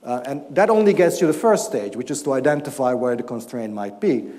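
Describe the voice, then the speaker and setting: A man, an economics professor, giving an explanatory academic talk and answering questions, often pausing and restarting his sentences. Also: medium pitch, lively intonation, mellow, long reverb tail. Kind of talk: academic lecture and Q&A. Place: lecture hall.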